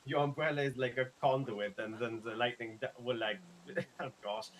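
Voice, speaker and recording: A man's voice: mid-range voice, steady tone, moderate pace, natural voice, rough recording. A man voicing a French lifeguard and medic in a game roleplay, speaking with a French accent, chatty and rambling, laughing often and fumbling his R's. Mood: friendly. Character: easygoing young male French lifeguard and medic. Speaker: roleplay streamer. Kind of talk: casual in-character roleplay chat.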